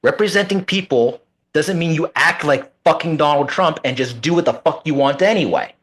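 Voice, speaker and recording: A man's voice: a little high, normal speed, fairly bright tone. A man co-hosting a casual political talk show, ranting angrily and swearing freely. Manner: angry, profane ranting. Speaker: podcast co-host.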